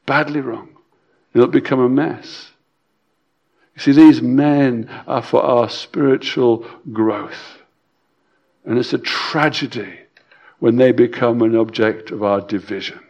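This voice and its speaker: A man preaching a sermon, emphatic and repetitive, swinging between loud stresses and quiet drops, with some stammered restarts. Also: mid-range voice, fairly even intonation, slow pace, vocal fry, pauses often, lo-fi sound.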